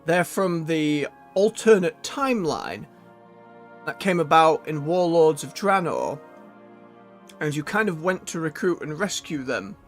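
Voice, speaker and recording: A man's voice: a little high, animated, unhurried, faint music behind. A man chatting casually as he plays a video game on stream, thinking aloud and correcting himself.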